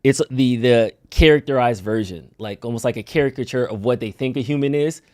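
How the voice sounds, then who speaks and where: A man's voice: medium pitch, brisk, darkish tone, no echo, clean studio sound. A man co-hosting a live talk show, explaining his point in an easygoing, casual way and sometimes acting out quoted speech. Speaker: show co-host.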